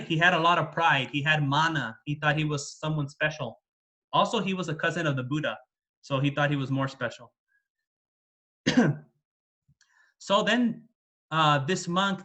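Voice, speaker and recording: A man's voice: on the high side, bright, forceful tone. A man, a Buddhist monk, retelling a scripture story in a plain, repetitive way with fillers. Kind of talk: dharma talk storytelling.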